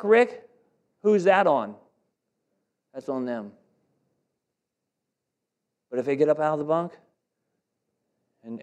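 A man's voice: a little high, darkish tone. A man preaching a sermon, emphatic and conversational, putting direct questions to his congregation. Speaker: pastor.

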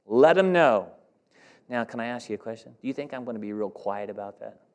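A man's voice: lowish voice, fairly even intonation, quick pace, vocal fry. A man preaching a sermon, emphatic and conversational, putting direct questions to his congregation. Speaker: pastor.

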